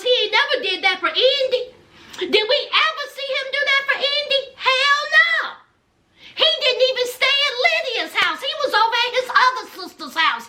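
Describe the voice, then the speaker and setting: A woman's voice: very high voice, bright, forceful tone. A woman giving a sassy, chatty recap of a reality TV show. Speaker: TV recap host.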